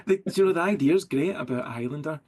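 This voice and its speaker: A Scottish writer in a relaxed video-call interview, easygoing and often chuckling as he talks. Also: fairly high pitch, brisk. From Scotland. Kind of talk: casual interview chat.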